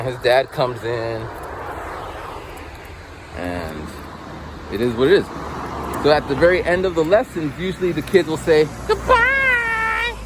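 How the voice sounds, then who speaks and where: In a vlog, a forties-aged English teacher spins casual stories and voices quotes with large leaps in pitch. A little background noise can be heard.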